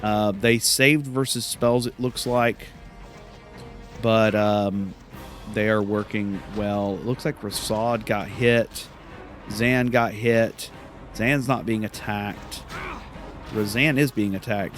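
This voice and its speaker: A man's voice: fairly low pitch, fairly even intonation, slow pace, faint music behind. A man hosting a let's play, giving casual gameplay commentary, rambling and correcting himself with many fillers.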